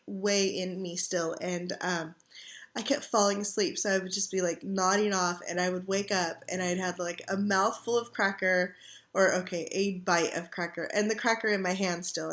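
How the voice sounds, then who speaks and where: Chatty middle-aged woman, sore and tired. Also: fairly high pitch. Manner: chatty, rambling and animated, with frequent fillers. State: tired and sore, recovering from surgery. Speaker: vlogger. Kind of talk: casual chat. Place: at home on a couch.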